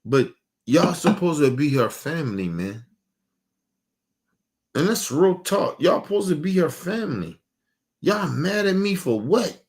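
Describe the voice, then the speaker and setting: A man streaming an emotional, profane rant, repeating himself with heated questions and trailing off into low mutters. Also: very animated, a little slow, pauses often, darkish tone.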